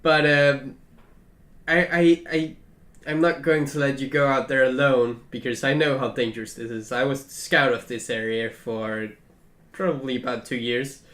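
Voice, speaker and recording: A man's voice: medium pitch, steady tone, moderate pace, a bit bright, roomy sound, close to an everyday voice. A man voicing a rambling camp leader. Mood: earnest. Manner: earnest, rambling with many fillers. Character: male encampment leader, former scout.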